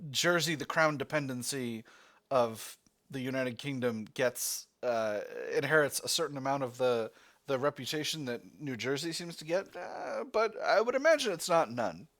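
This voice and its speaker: A man's voice: medium pitch, lively intonation, moderate pace, a bit bright. A man reading a text adventure game aloud as its player, breaking off into rambling, self-correcting asides.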